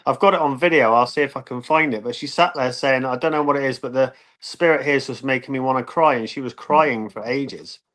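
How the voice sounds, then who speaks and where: British man telling animated stories. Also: mid-range voice, brisk, hardly any pauses. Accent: British English. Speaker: guest. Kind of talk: casual chat.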